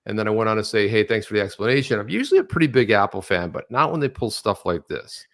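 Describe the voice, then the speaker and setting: A man's voice: fairly low pitch, fast talker. Rambling man co-hosting a chat. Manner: rambling, animated storytelling with many restarts. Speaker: co-host. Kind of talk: casual chat.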